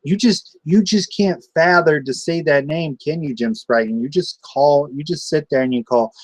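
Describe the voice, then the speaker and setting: A man's voice: on the high side, moderate pace, few pauses, no room sound. A man ranting a taunting wrestling promo. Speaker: wrestling show host. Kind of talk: trash-talking wrestling promo.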